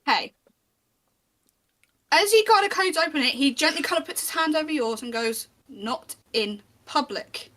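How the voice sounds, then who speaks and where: Bright high-voiced woman game master. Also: animated, normal speed, long pauses. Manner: descriptive, chatty, with small restarts. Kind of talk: narrating a tabletop game.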